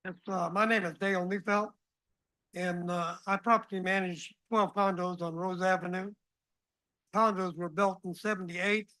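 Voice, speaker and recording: Man, property manager, high bright voice, halting with many fillers, dry sound. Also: fairly even intonation, no echo, poor audio. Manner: halting, filler-heavy request. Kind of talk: public comment at a council meeting.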